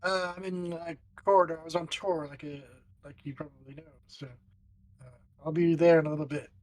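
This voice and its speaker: A man's voice: a little high, little pitch movement, fairly quick, a little mellow. A man in a role-play game speaking in character as a ship's doctor, hesitant and trailing off. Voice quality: husky. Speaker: player voicing a ship's doctor.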